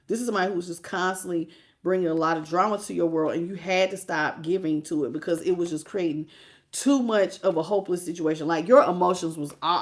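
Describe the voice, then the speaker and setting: A woman giving a live tarot reading, animated and chatty, talking straight to her viewers and fighting back tears. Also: on the low side. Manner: emotional, on the verge of tears. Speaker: tarot reader.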